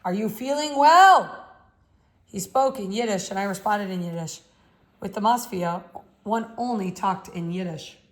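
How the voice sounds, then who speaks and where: A woman reading a novel aloud in the first person, measured and reflective. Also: medium pitch, a little mellow. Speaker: audiobook reader.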